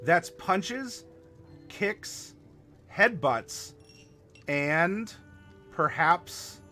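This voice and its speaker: A man hosting a live tabletop worldbuilding stream, chatting to viewers and halting over fillers as he spells out dice commands. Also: high voice, lively intonation, pushed and bright, faint music behind. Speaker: game master and stream host.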